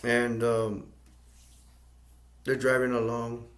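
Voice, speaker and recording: A man from the United States casually recapping a film's plot in a flat, rambling way. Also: mid-range voice, takes it slowly. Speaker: movie reviewer.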